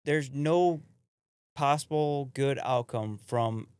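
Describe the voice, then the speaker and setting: Male co-host, smooth voice, dry close sound, wisecracking. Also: medium pitch, darkish tone, no echo. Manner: quick, jokey, talks in restarts. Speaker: podcast co-host. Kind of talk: casual chat.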